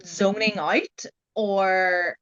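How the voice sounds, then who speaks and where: A young woman talks through her experience in loose, conversational storytelling, dotting her sentences with "like" and "you know". Her voice sits at an ordinary middle pitch for a woman. The audio is slightly dull and muffled. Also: fairly even intonation, drawn-out words, a bit bright. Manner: chatty, heavy use of "like" and "you know". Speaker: guest sharing her genetic testing experience.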